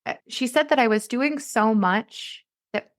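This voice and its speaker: Woman podcast host; chatty, slightly high, dry recording. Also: a little slow, no room sound. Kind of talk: podcast interview.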